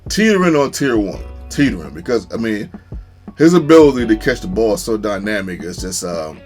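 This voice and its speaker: A man giving casual, chatty commentary over his own football video game match, laughing often and getting excited at big plays. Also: lowish voice, fairly quick, soft background music. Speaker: gaming YouTuber.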